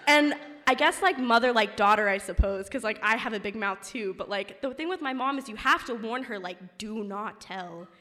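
A woman's voice: a little high, lively intonation, brisk, hardly any pauses, pushed and bright. A young woman telling a personal story to a live audience, chatty and full of fillers like "like" and "um". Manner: chatty, filler-heavy, many "like"s. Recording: long hall reverb.

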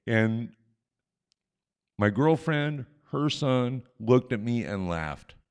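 A man in his sixties telling a personal story live on stage into a microphone, animated and self-mocking with frequent chuckles. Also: medium pitch, very slow, smooth.

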